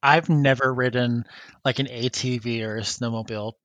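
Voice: medium pitch, fairly even intonation, moderate pace, fairly bright tone, no echo. A podcast co-host chatting casually, rambling and giggling with many fillers. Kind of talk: casual chat.

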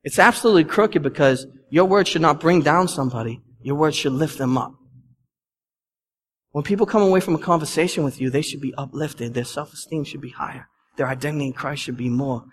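A young adult male pastor preaches in a church sanctuary, emphatic and conversational, with asides to the congregation. His voice is fairly high and fairly quick. Long reverb from the hall is joined by a little hiss or hum.

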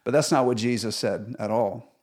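A man's voice: mid-range voice, normal speed, a little mellow. A male pastor from the United States preaching a sermon in an earnest, conversational way, retelling a story with animation.

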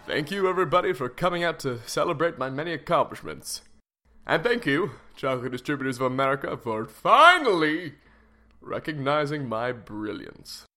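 A man's voice: on the high side, big pitch swings, normal speed, sharp tone. A man voicing a pompous, melodramatic rich father in a comedy sketch.

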